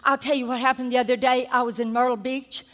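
Older woman, preacher, high voice, animated sermon with shouted peaks, long hall reverb. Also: fast talker. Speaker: pastor.

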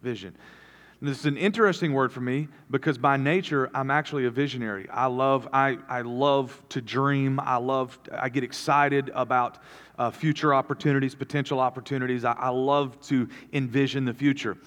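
A man's voice: mid-range voice, steady tone, normal speed, fairly bright tone. A man preaching a sermon as a pastor, talking earnestly and rambling through restarts. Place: church auditorium. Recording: long hall reverb.

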